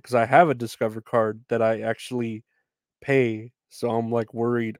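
A man's voice: medium pitch, fairly even intonation, unhurried, a little mellow, clean tone, no echo. A young man rambles through news headlines in a casual rant, swearing often and making fun of himself. His voice sits in a middle range. The recording is dry and close, with no room sound. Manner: rambling, profane, self-deprecating. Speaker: podcast host.

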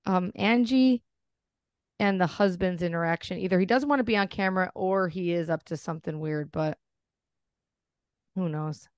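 A woman's voice: on the low side, moderate pace, long pauses, clean tone, no room sound, studio quality. A middle-aged woman co-hosting a podcast, blunt and chatty, telling stories in casual talk. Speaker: podcast co-host. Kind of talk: casual chat.

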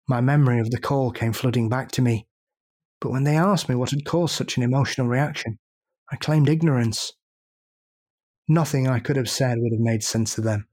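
A man reading a story aloud in a podcast, measured and emotive, holding dramatic pauses. His voice sits at an ordinary middle pitch. He turns quieter and softer on the sad moments. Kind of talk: narrated story reading then casual chat.

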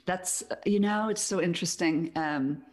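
A woman's voice: lowish voice, measured pace. A middle-aged woman with an Irish accent, guest in a casual conversation, speaking reflectively and laughing easily. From Ireland, Donegal.

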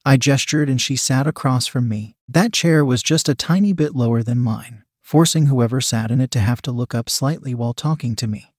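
A man narrating a first-person story in a cool, measured, sardonic manner. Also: medium pitch, husky, dry recording, clean studio sound.

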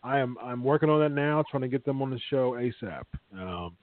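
A man's voice: mid-range voice, expressive, fairly quick, no echo. A man hosting a live stream show, chatting casually and rambling with many fillers as he reads out the chat. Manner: rambling, filler-heavy, repeats himself. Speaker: wrestling talk show host reading live chat. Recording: tinny phone-like, dry sound.

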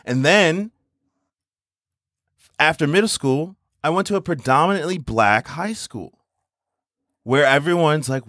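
A man co-hosting a casual chat, animated and swearing freely, speeding up when he gets worked up. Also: on the high side, measured pace, long pauses, no echo, clean studio sound.

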